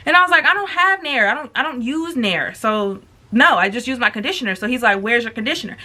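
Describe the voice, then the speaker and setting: A woman's voice: on the high side, fast talker. A young woman vlogger telling a storytime tale in a casual, profane, slangy way, acting out what people said. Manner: animated, profane, slangy storytelling with acted quotes. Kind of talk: storytime with mukbang.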